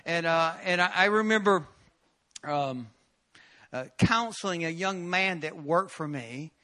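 A man's voice: fairly high pitch, a little slow, sharp tone. A man preaching at a prayer meeting, telling a personal testimony with bursts of emotion and laughter. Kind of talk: sermon testimony.

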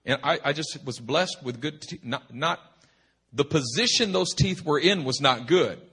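Man, pastor, sermon storytelling, animated and humorous, husky, bright tone. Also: a little high, normal speed. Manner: animated, humorous, rambling with frequent restarts. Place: retreat meeting hall.

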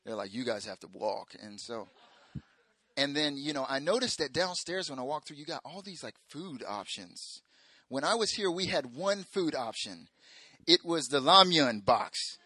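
A young man preaches in a loose, joking storytelling way, jumping into squeaky voices whenever he quotes someone. His tone is bright and forceful. The recording is close and dry, with no room sound. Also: moderate pace, husky, dry recording. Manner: animated, jokey, acts out quotes in high voices. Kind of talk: sermon storytelling.

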